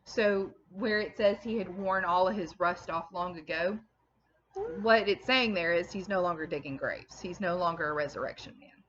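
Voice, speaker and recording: A woman's voice: fairly low pitch, normal speed, a bit bright, lo-fi sound, slight background noise. A woman English teacher reading a classic novel aloud and stopping to explain it to her students in plain terms, with a few ums.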